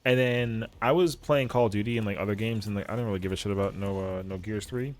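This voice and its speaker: A man with a lowish voice talks fast while streaming a game, telling a casual story. His speech is animated, slangy, and profane, and he acts out what his friends said.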